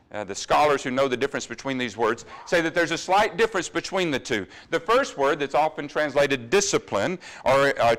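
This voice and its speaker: A man delivers a sermon in a church, pressing the congregation with earnest questions. His voice sits fairly high and swings widely in pitch as he preaches. He drops into quieter asides now and then. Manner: drops to quiet asides about running over time.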